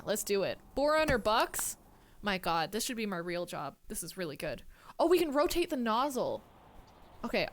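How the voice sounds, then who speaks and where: Woman game streamer, casual and excitable, slightly high-pitched; noisy recording. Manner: chatty, excitable, talks to the game and chat. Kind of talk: casual live-stream gameplay chat.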